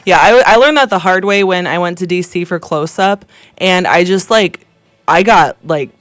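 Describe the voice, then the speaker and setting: A woman co-hosting a morning radio show, chatting in animated, casual banter and laughing easily. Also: on the low side, moderate pace, dry recording.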